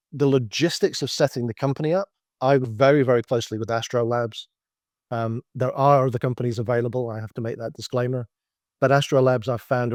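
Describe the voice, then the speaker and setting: A man's voice: medium pitch, a little mellow, dry recording, clean studio sound. A middle-aged man giving a slide-based business presentation as a consultant guest, explaining points and telling anecdotes with frequent restarts.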